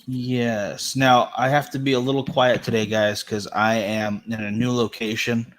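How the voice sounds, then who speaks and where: A man in an everyday mid-range voice, hosting a loose podcast chat. He rambles along, tossing out deadpan jokes between points in a relaxed, casual way. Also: medium pitch, measured pace, slight background noise. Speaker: podcast co-host.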